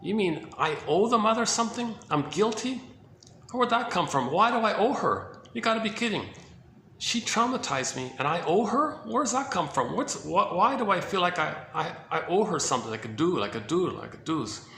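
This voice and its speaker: A man's voice: high-pitched, animated, normal speed, bright, forceful tone, roomy sound, slight background noise, voice pushed up, exaggerated voice. A man voicing the inner voice of a frightened baby boy who pleads with his mother in frantic, repetitive questions. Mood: indignant disbelief.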